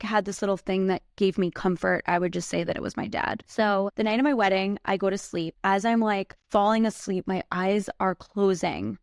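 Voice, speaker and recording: A woman in her thirties telling a personal story on her podcast, her voice sitting a little low. She talks loosely, with lots of "like" and the odd swear word. The sound is dry and close, with no room echo. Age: 30s. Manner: casual, heavy use of "like", swears freely. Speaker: podcast host.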